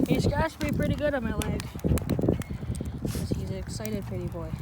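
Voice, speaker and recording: Casual vlogger, slow easy delivery, playful with the dog; outdoor phone audio with clear background noise. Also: mid-range voice, lively intonation. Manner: playful, laughing, swears casually. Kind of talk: casual vlog, talking to a dog. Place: outdoors in a yard by a fire. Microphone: phone held in hand. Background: dog moving about, outdoor ambience.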